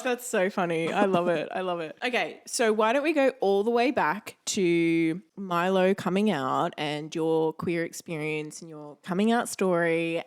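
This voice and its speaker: A woman hosting a podcast in a casual chat, giggly and quick to react to her guest. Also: on the low side, clear, resonant tone. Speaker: podcast host.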